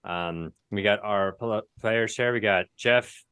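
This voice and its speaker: A man's voice: lowish voice, takes it slowly, fairly bright tone, smooth, no echo. A man hosting a live tabletop game over a video call, talking loosely with many fillers and restarts. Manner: rambling, filler-heavy, self-correcting. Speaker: game master and host. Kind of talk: casual chat opening a live tabletop show.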